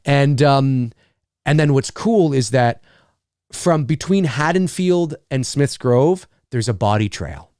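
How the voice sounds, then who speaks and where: A man's voice: medium pitch, no echo, studio quality. A middle-aged man hosting a live stream in a casual, rambling way, swearing freely and answering viewer comments. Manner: rambling and animated, swears freely, acts out quick asides.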